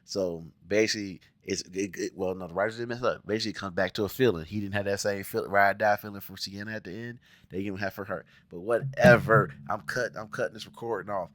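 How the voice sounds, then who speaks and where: A man's voice: on the low side, steady tone, quick pace, few pauses, a bit bright, dry recording. A man from the Cincinnati area with an American accent, ranting bluntly and with plenty of profanity in a casual show review, putting on mock voices. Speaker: TV review vlogger.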